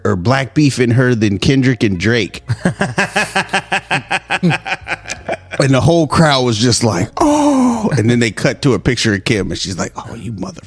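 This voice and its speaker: A man co-hosting a podcast, retelling jokes in an animated, laughing manner during casual chat. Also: mid-range voice, no echo. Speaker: podcast co-host.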